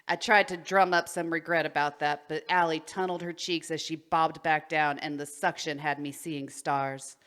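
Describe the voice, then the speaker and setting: A woman's voice: low voice, fairly even intonation, moderate pace, few pauses, fairly bright tone. A woman co-hosting a podcast, reading a story aloud, stumbling over words and breaking into giggles. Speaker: podcast co-host.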